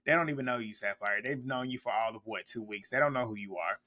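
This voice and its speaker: A man's voice: lowish voice, fast talker, pushed and bright. A man recapping a reality TV episode in a casual reaction vlog, blunt and profane, laughing often as he talks.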